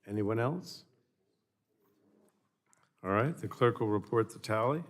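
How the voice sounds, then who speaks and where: Low-voiced committee chairman running procedure. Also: lively intonation. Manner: brisk, matter-of-fact procedural delivery. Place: large committee hearing room.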